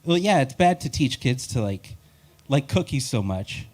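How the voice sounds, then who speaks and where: A man's voice: mid-range voice, sing-song, normal speed, darkish tone. A man doing a live stand-up set, telling rambling, wry and self-deprecating stories. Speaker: stand-up comedian.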